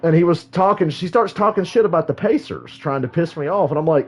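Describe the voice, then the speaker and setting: Brief: a male streamer cursing and shouting at the game, his pitch bouncing high and low. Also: fairly quick, hardly any pauses, slightly rough. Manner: loud, profane and animated, yells at the plays. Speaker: streamer watching a football game live. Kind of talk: casual live reaction.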